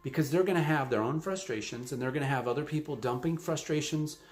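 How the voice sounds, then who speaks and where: A man's voice: on the high side, fast talker. A man giving a motivational sales training talk, earnest and coaching, with frequent fillers like "um" and "you know.".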